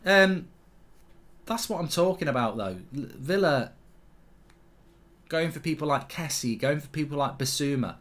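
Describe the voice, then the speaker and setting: A man hosting a live football watchalong, bluntly reacting to the match and reading viewer comments aloud, his voice jumping up when play excites him. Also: a little high, moderate pace, long pauses. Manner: blunt, swears casually, rants at the referee. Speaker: host.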